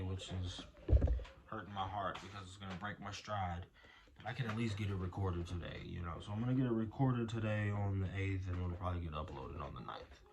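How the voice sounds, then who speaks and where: Young dad vlogger, worn out and rambling, lowish voice, noisy home recording. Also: male voice. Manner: rambling, soft-spoken, talks to his toddler in between. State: exhausted, tired. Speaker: video diary host. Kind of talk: casual video diary. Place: home at night.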